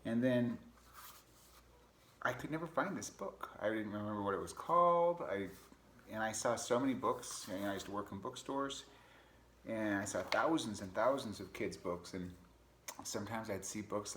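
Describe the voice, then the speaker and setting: A man reading a picture book aloud to children, relaxed and chatty, pausing to talk about the pictures. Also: fairly low pitch, slight background noise. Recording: echoey room.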